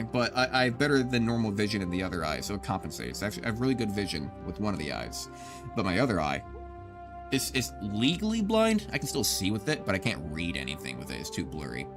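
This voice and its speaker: A man's voice: on the low side, very animated, fast. A man in his thirties giving casual, rambling gameplay commentary as a streamer, swearing often and talking to his chat. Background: background music.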